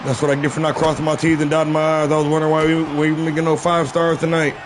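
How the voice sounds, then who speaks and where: A man calling a wrestling video game live on stream, shouting the big moves and breaking off into profane asides to his viewers. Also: a little high, racing, background noise. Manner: excitable play-by-play with shouted calls and profane asides. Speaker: stream host and play-by-play commentator.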